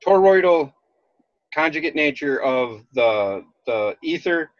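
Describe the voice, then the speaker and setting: A man from Minnesota with a Minnesota accent, rambling in casual chat as a podcast host, halting and restarting often. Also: on the high side, lively intonation, no echo. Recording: dull lo-fi dry sound.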